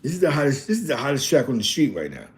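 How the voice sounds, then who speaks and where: A man's voice: mid-range voice, huge pitch swings, racing, slight background noise. Man hyping like a mixtape DJ. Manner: repetitive hype, lots of shoutouts. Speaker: host. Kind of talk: hype mixtape-style shoutouts.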